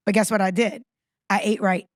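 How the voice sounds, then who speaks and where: A woman in her thirties co-hosting a podcast, talking in an animated, fired-up, ranting way. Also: medium pitch, a little fast, no room sound, studio quality. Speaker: podcast co-host. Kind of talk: casual podcast chat.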